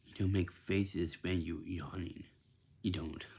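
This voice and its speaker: A man gives plain job-hunting advice in a slow, halting way, often restarting and repeating his phrases. His voice is low, gravelly and husky. He talks casually to the camera in simple words. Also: steady tone, darkish tone. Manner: simple, plain wording, lecturing tone.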